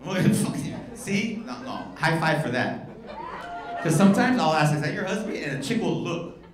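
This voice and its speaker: A male stand-up comedian doing loud, profane crowd work from a club stage, teasing the audience. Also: on the high side, very animated, normal speed. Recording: echoey live club with crowd noise. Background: audience laughter and bar chatter.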